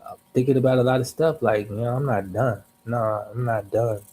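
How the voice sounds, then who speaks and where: A man's voice: mid-range voice, steady tone, fairly quick, a little mellow, a little hiss or hum, poor audio. A young man on a livestream telling a personal story in a loose, slangy, profane way, with asides and restarts. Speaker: livestream host.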